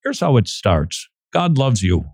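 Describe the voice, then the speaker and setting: A male radio show host in a studio, talking in an animated way, chuckling and reading passages aloud with quick asides. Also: medium pitch, gravelly, husky, no room sound. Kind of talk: radio talk commentary.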